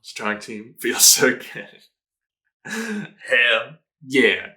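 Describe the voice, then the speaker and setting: A man with a bright, ringing voice gives casual reaction commentary as he watches. He sounds excitable and slangy, and he swears freely. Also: medium pitch, drawn-out words. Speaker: anime reaction host.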